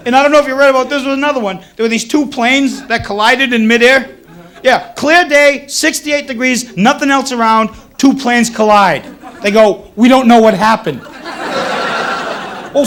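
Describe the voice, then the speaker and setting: A man's voice: extremely high pitch, bright, forceful tone. A man in his thirties from the Boston area, doing a wry, self-mocking stand-up set on a club stage. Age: 30s. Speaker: stand-up comedian. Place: comedy club stage with a laughing audience. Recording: 1980s cable TV taping with crowd laughter.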